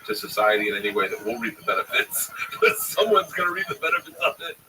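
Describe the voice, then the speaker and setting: A man's voice: fairly low pitch, fast. A man in his forties, a comedian, telling profane family stories in casual chat and acting out the quotes. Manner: profane, animated storyteller who acts out quotes. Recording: distant mic, faint background noise.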